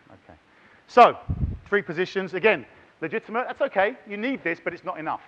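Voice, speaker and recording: A middle-aged man giving a lively, chatty conference talk and directing the audience. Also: high voice, a little fast, highs cut off. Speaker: conference plenary speaker. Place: large conference hall.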